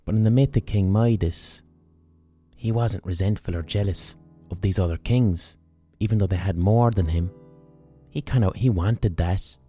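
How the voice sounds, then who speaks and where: A man's voice: sits low, normal speed, warm tone, faint music behind. A man with an Irish accent, a podcast host, telling a story in a casual, earthy way with plenty of slang and swearing. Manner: colloquial, earthy, swears freely.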